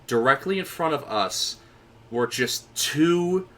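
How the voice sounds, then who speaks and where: Bright-voiced young man telling a story. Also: on the high side, takes it slowly. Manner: animated storyteller, acts out quoted voices. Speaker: podcast co-host. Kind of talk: casual storytelling chat.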